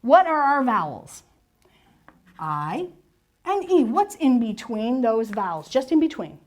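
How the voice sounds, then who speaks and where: Lively woman teaching spelling rules. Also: a little high, moderate pace. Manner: lively, encouraging, asks and answers her own questions. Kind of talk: classroom lesson on spelling rules.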